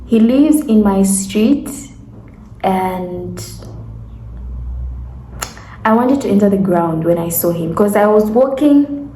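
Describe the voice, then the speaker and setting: A woman's voice: mid-range voice, slow pace, long pauses, a little hiss or hum. Woman from Zambia telling a story. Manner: animated, laughing asides, quotes others in her own voice. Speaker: vlogger. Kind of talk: casual storytelling. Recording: echoey room with faint ambience.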